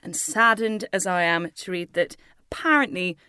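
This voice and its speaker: A woman's voice: fairly low pitch, moderate pace, bright, forceful tone, clear, resonant tone, no room sound, clean studio sound. A woman co-hosting a chat podcast, chatty and opinionated, swearing casually and laughing at her own jokes. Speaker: podcast co-host.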